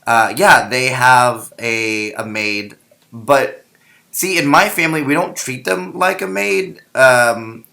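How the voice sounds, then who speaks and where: A man's voice: medium pitch, slow, gravelly, bright, forceful tone. A young man from the Philippines, co-hosting a podcast in a casual, joking chat with rambling fillers. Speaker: podcast co-host.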